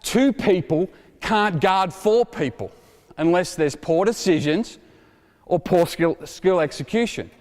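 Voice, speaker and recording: Energetic man coaching on a court. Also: high-pitched, measured pace. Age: 40s. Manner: energetic, joking, calls out drill instructions. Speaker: basketball coach. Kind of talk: coaching clinic demonstration. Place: indoor basketball court. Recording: reverberant gym hall. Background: basketballs bouncing.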